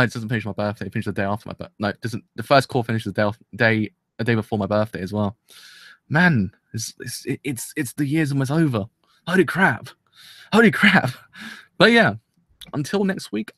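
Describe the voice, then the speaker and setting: A young man casually reviewing an anime episode, rambling and excitable, with many restarts. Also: medium pitch, a little fast, dry recording, studio quality.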